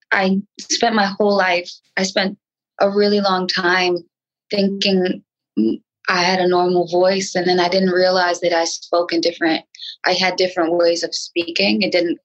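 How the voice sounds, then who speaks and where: A woman from New York, a rapper talking in a casual interview, with a nasal voice and halting speech full of restarts. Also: a bit bright, dull audio. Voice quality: nasal, sometimes high-pitched. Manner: frantic, halting speech with many restarts and fillers. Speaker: rapper guest.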